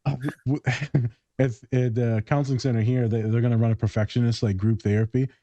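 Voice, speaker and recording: A man's voice: medium pitch, level tone, fairly quick, warm tone, dry recording, lo-fi sound. A man co-hosting a podcast in casual chat, joking and rambling, swearing casually. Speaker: podcast co-host.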